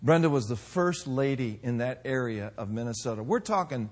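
Husky folksy man in his sixties preaching. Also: medium pitch, normal speed. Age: 60s. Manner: folksy storytelling, animated with laughs. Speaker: pastor. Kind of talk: sermon with personal stories.

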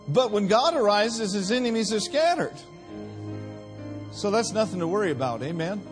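A man preaching a sermon in a church, with call-and-response and drawn-out emphasis. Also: sits high, very animated, music in the background.

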